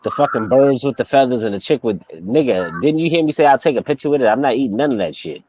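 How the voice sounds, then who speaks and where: A man's voice: mid-range voice, quick pace, no echo, lo-fi sound. A man co-hosting a casual, profane chat, telling stories with animation. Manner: animated storyteller, mimics voices in quotes. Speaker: podcast co-host.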